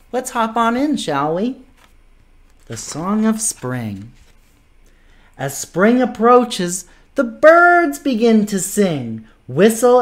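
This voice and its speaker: Guy reading a kids picture book out loud, slow and sing-songy, goes up and down a lot. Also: sits high. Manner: animated, playful, slow storytelling with animal noises. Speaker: children's story reader.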